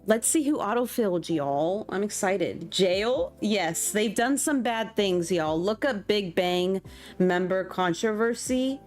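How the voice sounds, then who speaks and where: A young woman streamer talks to her chat in a loose, excitable way, laughing often. She takes her time with her words, never rushing. Soft background music plays under her voice. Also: mid-range voice. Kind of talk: casual live-stream chat. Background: faint background music.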